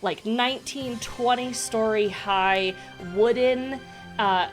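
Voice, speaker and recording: A woman's voice: a little high, takes it slowly, faint music behind. A woman running a tabletop game as dungeon master, describing scenes in a casual, rambling way with lots of fillers.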